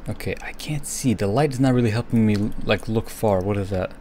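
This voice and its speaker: A young man with a lowish voice talks through a horror game as he plays, jumpy and nervous, often sinking into a whisper. A faint ambient hum sits behind him. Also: brisk, warm tone. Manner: jumpy, nervous running commentary. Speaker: gaming streamer.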